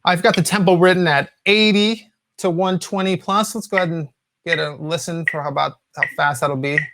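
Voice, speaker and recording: Relaxed higher-voiced male drum teacher. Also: brisk, noisy background. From US West Coast. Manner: relaxed, filler-heavy, counts and sings drum patterns. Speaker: drum instructor. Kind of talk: instructional talk.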